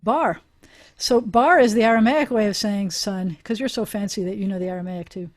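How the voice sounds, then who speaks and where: A woman's voice: mid-range voice, moderate pace. A woman rabbi teaching a Hebrew class over a video call, chatty and encouraging, often laughing with her students.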